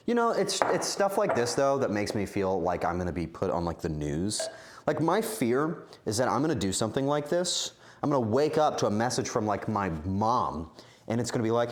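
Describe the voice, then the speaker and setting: A man rambles to his live chat while he cooks in his home kitchen. His mid-pitched voice swings widely up and down. He mocks himself and flares into playful outrage. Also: slight background noise. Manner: animated, self-mocking, talks to chat, mock outrage. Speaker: streamer cooking live for chat.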